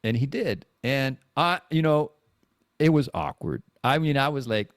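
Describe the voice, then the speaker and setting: A man's voice: medium pitch, lively intonation, unhurried, no room sound, clean studio sound. A man in his forties hosting a podcast, talking in a rambling, candid and self-deprecating way, full of profanity and restarts. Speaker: podcast host. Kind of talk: casual confessional monologue.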